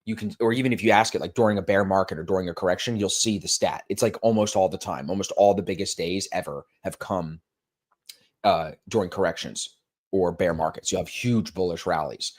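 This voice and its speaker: A young man co-hosting a casual chat, telling self-mocking stories and rattling off quick promo patter. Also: sits low. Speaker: co-host. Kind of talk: casual chat, plugging a stream.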